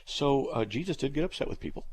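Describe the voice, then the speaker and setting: A man's voice: medium pitch, expressive, fast talker, a little mellow, breathy edge. A middle-aged man hosting a live call-in radio show, answering listener questions in a blunt, plain-spoken way with dry, teasing humor.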